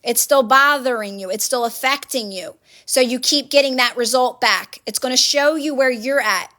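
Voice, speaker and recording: A woman's voice: high voice, moderate pace, bright, forceful tone. A woman hosting a phone livestream, giving casual motivational advice to viewers in an earnest, repetitive coaching manner. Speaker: livestream host.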